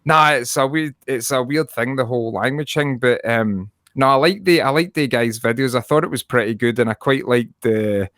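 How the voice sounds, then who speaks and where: A man's voice: medium pitch, moderate pace, hardly any pauses, fairly bright tone, dry recording, studio quality. A man co-hosting a podcast in casual chat, sweary and rambling, laughing often. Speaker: podcast co-host.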